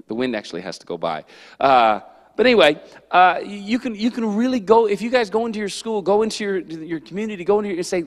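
Youth pastor, male, high-pitched, lively storyteller, echoing church hall. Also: quick pace. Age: adult. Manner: animated, storytelling with acted-out quotes. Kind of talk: youth sermon. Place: church sanctuary.

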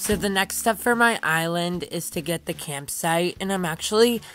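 A young woman host giving casual gameplay commentary, chatty, dramatic and playful with quick asides. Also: lowish voice, a bit bright, faint music behind. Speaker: gaming channel host.

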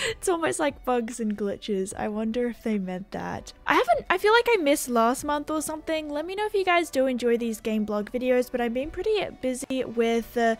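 A young Australian woman with an Australian accent, casually reading a game blog aloud with chatty, excitable asides. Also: high voice. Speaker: gaming video creator.

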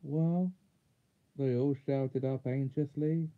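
A man reading a children's fantasy chapter aloud in steady storybook narration. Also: mid-range voice, slow pace. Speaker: audiobook reader. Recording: narrow phone-like sound.

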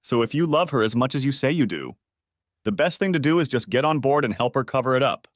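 A man's voice: mid-range voice, lively intonation, fast, no room sound, clean studio sound, natural voice. A man voicing a crude, taunting male neighbor who mocks and boasts in a story reading. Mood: mocking. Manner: mocking, boastful.

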